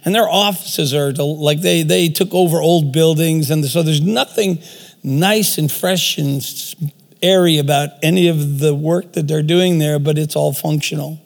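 Male preacher, high gravelly voice, storytelling with rhetorical questions, long hall echo. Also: measured pace. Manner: storytelling with rhetorical questions, self-deprecating asides. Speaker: speaker. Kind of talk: sermon. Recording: long reverb of a large hall.

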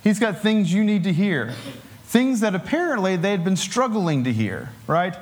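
A man preaching a sermon in a relaxed, conversational way, with filler words and light chuckles. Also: sits high, normal speed.

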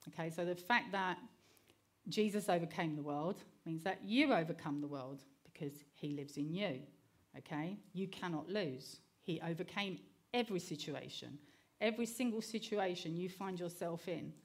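A woman's voice: fairly low pitch, normal speed. A middle-aged woman giving an earnest sermon, mixing personal stories with scripture and often checking in with the listeners by asking "okay?". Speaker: preacher.

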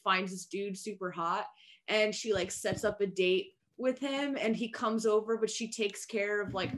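A woman co-hosting a podcast in casual chat, animated and indignant, full of fillers. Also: medium pitch, normal speed. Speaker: podcast co-host.

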